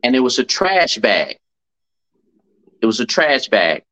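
A man's voice: mid-range voice, very animated, unhurried, sharp tone, poor audio. A middle-aged man, a podcast guest telling a personal story. He stresses and repeats key phrases.

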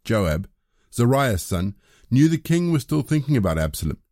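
A man reading scripture as scripted narration, measured and even. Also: mid-range voice, no echo, studio quality. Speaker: scripture reader.

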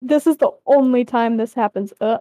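Young woman, high bright voice, dry close mic, playful story read-aloud. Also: normal speed, dry recording. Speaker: podcast co-host reading a story aloud.

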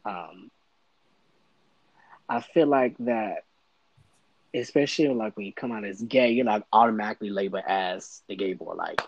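A man's voice: on the low side, normal speed, pauses often, no room sound, dull audio. A young man, a podcast guest, talking in a casual interview and stumbling over his words as he goes. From United States.

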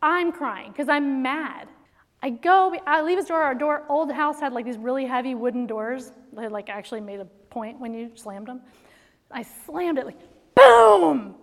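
A middle-aged woman speaking to an audience of mothers in a faith-based talk, telling stories in an animated way and laughing often. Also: high-pitched, moderate pace. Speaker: speaker to moms. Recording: long hall reverb.

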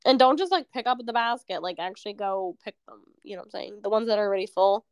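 A woman's voice: medium pitch, quick pace, clean tone, no room sound. A young woman co-hosting a podcast in casual chat, talking freely with plenty of "like" fillers. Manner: chatty, lots of "like" fillers. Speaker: podcast co-host.

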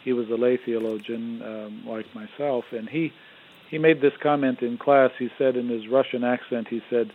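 A man, an Orthodox theologian, explaining in measured tones with some fillers as a guest on a radio call-in show. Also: medium pitch, fairly even intonation. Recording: phone-like narrow sound.

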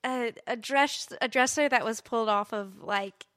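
A woman's voice: fairly high pitch, moderate pace, fairly bright tone. A young adult woman telling a long personal story in casual podcast chat, rambling with lots of "like" and acting out quotes. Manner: rambling, heavy use of "like", acts out quotes.

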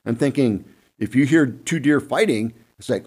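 A man telling hunting stories casually on a panel, acting out quick asides with an animated delivery. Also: medium pitch. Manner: animated, acts out deer and buddies in quick asides. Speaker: guest hunting expert. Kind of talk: casual storytelling on a podcast panel.

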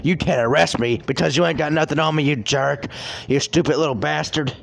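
A man rants on his podcast in a furious, threatening tirade. His voice is gravelly and sits a little high for a man, rough at the edges as he spits insults. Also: brisk. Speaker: podcast host. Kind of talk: angry ranting podcast.

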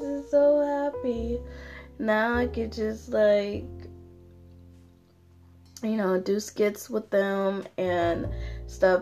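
A young woman hosting her own podcast, ranting casually with lots of fillers and swearing, sounding tired. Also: medium pitch. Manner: rambling, profane, frequent fillers. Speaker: podcast host. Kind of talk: casual solo rant.

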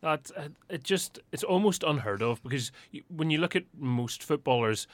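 A man's voice: on the high side, expressive, normal speed, no room sound. A man hosting a sports podcast, chatting and laughing along with his guests. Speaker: podcast host.

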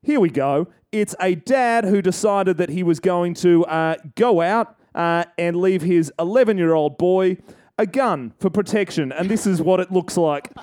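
A man's voice: high voice, measured pace, darkish tone. A man co-hosting a comedy podcast, ranting in a profane, mocking style and building to punchlines. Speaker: co-host.

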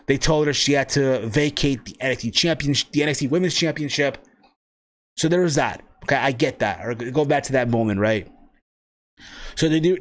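A young man hosting a wrestling podcast alone, chatting casually in a rambling, profane way with many fillers and tag questions like "right?". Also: mid-range voice. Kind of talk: casual solo podcast chat.

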